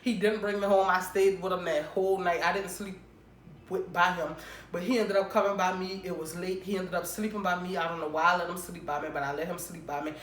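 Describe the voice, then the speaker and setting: A woman vlogger telling a casual storytime to her viewers, animated and emphatic, acting out both sides of the conversation. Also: lowish voice, fairly quick, slight background noise. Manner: animated, emphatic retelling with quoted exchanges. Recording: roomy echo.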